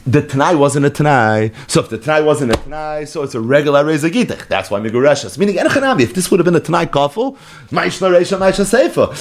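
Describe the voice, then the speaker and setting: Man, talmud lecture, mixes in aramaic and hebrew terms, lively rising and falling pitch. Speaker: Talmud teacher. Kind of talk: daf yomi Talmud lecture.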